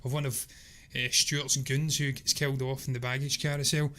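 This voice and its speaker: Bright-voiced chatty man reviewing movies. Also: medium pitch, flat delivery, fairly quick. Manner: emphatic, chatty, rambling. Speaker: podcast co-host. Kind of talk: casual movie review chat.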